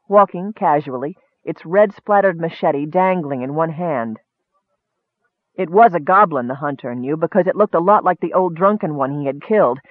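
A man narrating a fantasy story in steady, vivid audiobook style. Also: a little high, no room sound. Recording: dry, narrow phone-like sound.

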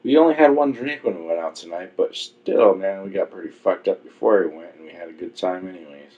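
A man with a very low voice, trading profane wisecracks and laughing often in casual podcast banter. The sound is dull and lo-fi. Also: brisk. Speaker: podcast co-host.

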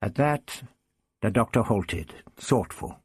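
A male audiobook reader with a husky, slightly breathy tone and a lively, rising-and-falling delivery. He tells the story dramatically in a dry, close recording without room sound. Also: fairly low pitch, slow, no echo. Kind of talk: scripted narration of a science fiction novel.

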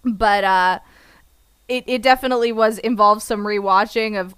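A woman's voice: medium pitch, moderate pace, fairly bright tone, clear, resonant tone, no echo, studio quality. A woman co-hosting a casual podcast, reviewing an anime with playful sarcasm and frequent laughs. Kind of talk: casual chat.

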